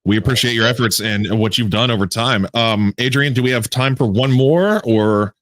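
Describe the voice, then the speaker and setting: A man's voice: mid-range voice, moderate pace, a bit bright, dry recording. A man hosting a podcast interview, enthusiastic and chatty, often stopping and restarting his sentences. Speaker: podcast host. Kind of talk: casual interview chat.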